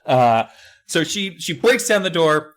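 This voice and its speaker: A man talks through a horror story on a podcast, casual and loose with plenty of cursing. His pitch swings widely as he tells it, and he keeps slipping into high, squeaky voices to play out the characters' lines. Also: a little slow. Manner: animated, swears a lot, acts out characters in high squeaky voices. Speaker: podcast co-host. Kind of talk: casual podcast recap chat.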